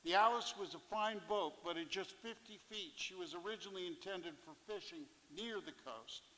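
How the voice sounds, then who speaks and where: Man, bright high voice, live stage reading of a sea story, long theatre reverb. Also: normal speed. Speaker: fisherpoet performer. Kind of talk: reading a first-person fishing memoir on stage.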